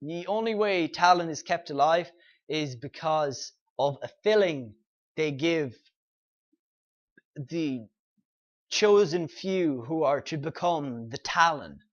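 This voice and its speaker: Male vlog host, fairly high voice, loose filler-packed plot recap, muffled home-mic sound. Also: slow, long pauses. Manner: rambling, filler-heavy retelling with quoted dialogue. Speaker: comic book reviewer, show host. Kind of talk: casual spoken recap and review.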